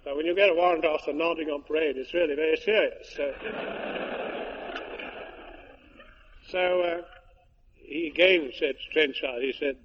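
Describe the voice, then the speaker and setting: An older retired air force officer giving a tribute speech, telling anecdotes with genial, dry humour to an audience. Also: male voice, fairly high pitch, measured pace, pauses often. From England. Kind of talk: after-dinner speech with anecdotes. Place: hall with an audience. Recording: muffled archive recording with faint hiss.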